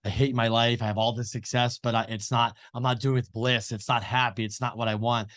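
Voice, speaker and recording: A man's voice: medium pitch, flat delivery, a little fast, a bit bright. A man co-hosting an interview show, telling a story in a loose, rambling way full of fillers and retold dialogue. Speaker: co-host. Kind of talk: casual interview chat.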